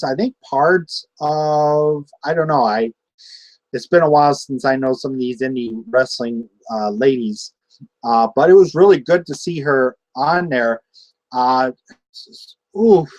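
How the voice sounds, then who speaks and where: A young man talks through a wrestling show on his own, rambling and excitable, tripping over restarts and fillers. His voice sits at an ordinary middle pitch. The recording is dry and close. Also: no echo, poor audio. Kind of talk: casual solo review.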